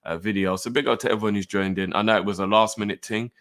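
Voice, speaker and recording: A man hosting a live football fan review show, talking in a relaxed, chatty way straight to his viewers. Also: on the low side, fast talker. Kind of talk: casual live show presenting.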